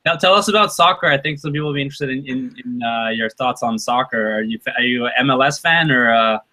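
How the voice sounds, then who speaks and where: Bright-voiced male webinar host. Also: medium pitch, fast, rough recording. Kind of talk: casual interview questions.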